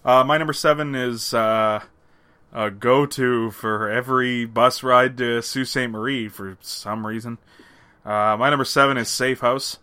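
A man from Canada co-hosting a podcast, chatting casually about movie rankings, laughing and swearing with quick asides. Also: medium pitch, steady tone, sharp tone, clear, resonant tone. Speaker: podcast co-host.

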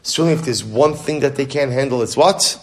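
A man of medium pitch teaches Torah in a lively style, firing off questions and answering them himself. He talks in fast bursts and frequently backs up to restart.

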